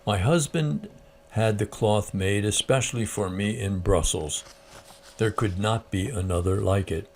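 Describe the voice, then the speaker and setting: A man's voice: fairly low pitch, a little slow, darkish tone, slight background noise. A man reading aloud, voicing a grieving refugee woman who speaks earnestly. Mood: astonished.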